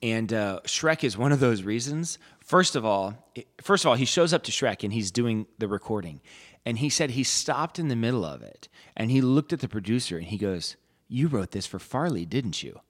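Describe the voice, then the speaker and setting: A podcast co-host chats casually, rambling with lots of fillers and restarts. His medium-pitched voice has lively intonation, and he talks at a normal speed.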